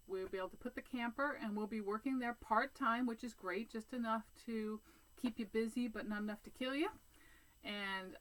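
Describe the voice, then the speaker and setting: A woman's voice: fairly high pitch, a bit bright, low-quality recording. A woman chatting casually to her viewers as a cross-stitch vlogger, sitting outdoors, rambling along with many fillers and restarts. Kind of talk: casual vlog chat.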